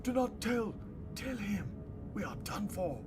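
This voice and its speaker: A man doing panicked high-pitched ship crewmen. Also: big pitch swings, normal speed, loud music behind the voice. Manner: frantic, high-pitched shouting. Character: panicked male spaceship crewmen shouting. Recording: loud background noise.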